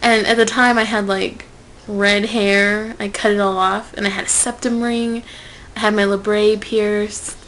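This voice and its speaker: A young woman telling a personal story to camera in a casual vlog, swinging from loud outbursts to whispered asides. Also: medium pitch, little pitch movement, unhurried, a little hiss or hum, low-quality recording. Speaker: vlogger.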